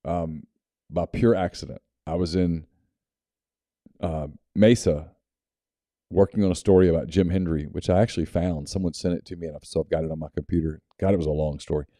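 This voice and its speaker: A man with a Southern US accent co-hosting a sports podcast, telling a relaxed personal story in casual chat. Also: sits low, fairly quick, no room sound, studio quality. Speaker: podcast co-host.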